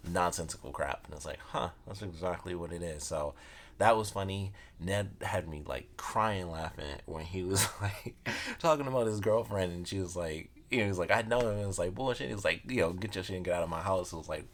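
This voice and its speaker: A man casually reviewing episodes, rambling and often laughing, with lots of "like" and "you know". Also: deep voice.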